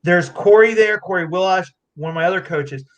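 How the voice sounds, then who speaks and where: Guy choking up accepting an award, kinda high voice, keeps restarting. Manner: emotional, near tears, halting restarts. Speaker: award winner, fighter. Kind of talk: emotional acceptance talk.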